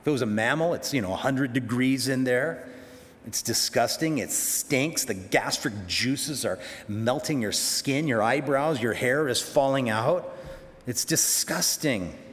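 A man's voice: medium pitch, unhurried, a bit bright, long reverb tail. A man preaching a sermon, conversational and emphatic, full of rhetorical questions.

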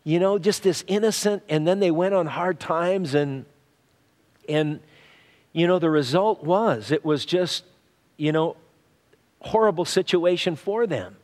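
A man's voice: a little high, measured pace, pauses often, a little mellow, long reverb tail. A man preaching a sermon in a conversational way, with frequent fillers and restarts. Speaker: pastor.

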